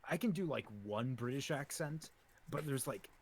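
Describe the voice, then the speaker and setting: Animated rambling man in casual chat. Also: medium pitch, moderate pace, slightly rough. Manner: rambling, animated, lots of fillers. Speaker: podcast co-host.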